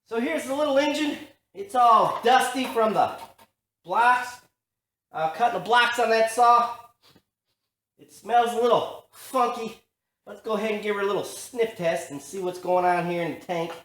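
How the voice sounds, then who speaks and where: A man's voice: sits high, normal speed, a bit bright. A man vlogging in a garage, telling a story casually with lots of fillers and restarts, recorded on a camera mic. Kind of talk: casual chat.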